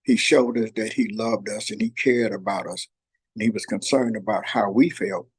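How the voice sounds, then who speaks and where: An older man speaks in a gravelly, slightly breathy voice, sharing warm family memories in an earnest, folksy manner. He repeats phrases for emphasis as he tells his story. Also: fairly low pitch, moderate pace. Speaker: host. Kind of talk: heartfelt storytelling chat. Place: workplace shop.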